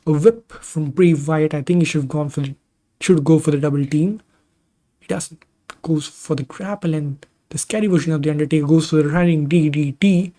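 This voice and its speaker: This man's fairly high, mellow voice stays fairly even in intonation at normal speed. Hosting a gaming channel, he casually calls simulated wrestling matches, wandering off into tangents and personal asides between calls.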